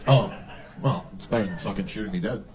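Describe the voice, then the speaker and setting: A man's voice: lowish voice, a little fast. Crude, mocking male stand-up comic. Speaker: stand-up comedian. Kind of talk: stand-up comedy set. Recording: noisy live show recording.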